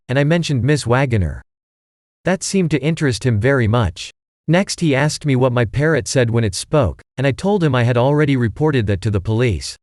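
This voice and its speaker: A man reading an audiobook, voicing an elderly male stage actor who talks in a slow, theatrical, drawn-out way. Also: medium pitch, darkish tone, no echo, studio quality, lightly acted.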